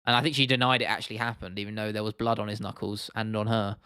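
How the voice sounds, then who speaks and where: A man's voice: lowish voice, fairly even intonation, fast, bright, forceful tone, smooth, no room sound, clean studio sound. A man hosting an MMA livestream, chatting casually and answering viewer comments in a rambling, sweary way. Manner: rambling, swears freely, lots of restarts and fillers.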